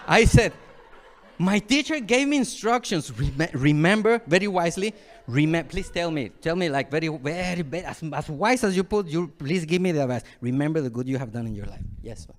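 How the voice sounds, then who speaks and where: A man from Mexico, a Buddhist monk, gives a dharma talk in a fairly high voice. He tells his story with vivid sound effects and acted-out moments. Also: expressive, moderate pace.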